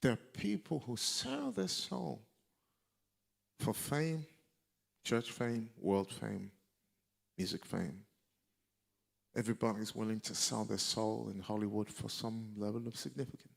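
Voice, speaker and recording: A male preacher delivering a sermon, emphatic and repeating key lines for effect, with a gravelly voice. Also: fairly low pitch, animated, measured pace, long pauses.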